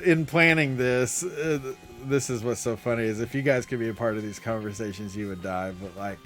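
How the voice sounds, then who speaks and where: A man co-hosting a casual live podcast, animated and laughing as he rants. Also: mid-range voice, fairly quick, soft background music. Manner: animated, laughing, mock announcer bits. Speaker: podcast co-host.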